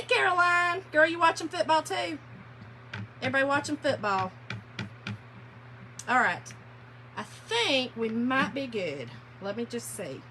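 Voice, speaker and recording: Brief: talkative woman, high voice, casual livestream host, workshop sanding noise behind. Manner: chatty, laughing storyteller, addresses viewers as y'all. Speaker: furniture painting livestream host. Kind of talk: casual livestream chat to viewers.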